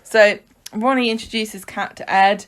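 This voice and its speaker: A woman's voice: medium pitch, steady tone, unhurried, fairly bright tone. A woman co-hosting a podcast, recapping the week's soap opera in a chatty, joking way, with plenty of fillers. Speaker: podcast co-host.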